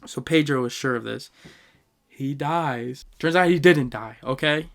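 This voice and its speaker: A young man hosting a podcast, casually ranking anime moments with animated, emotional storytelling and slang. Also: mid-range voice, unhurried, vocal fry. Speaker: podcast host.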